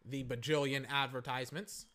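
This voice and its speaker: While watching a football game, a man offers casual live reactions, rambling and excitedly calling plays as they unfold. His voice is mid-range and his speed normal.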